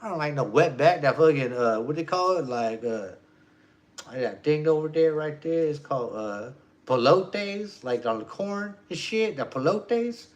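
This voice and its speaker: A man putting on a loud, swaggering, mocking voice of an adult male street tough, pitched well above his own. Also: animated, measured pace, dull audio.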